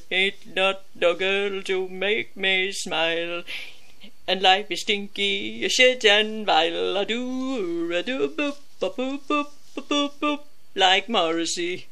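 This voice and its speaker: A woman's voice: fairly high pitch, sharp tone, heavily acted. A woman voicing a gloomy toy cat who croons mournful, self-pitying lines in a comic song parody.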